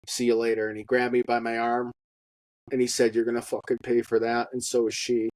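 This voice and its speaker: A man giving a personal testimony in a halting monologue, with many fillers and blunt profanity. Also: medium pitch, a little mellow, no room sound, rough recording. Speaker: storyteller.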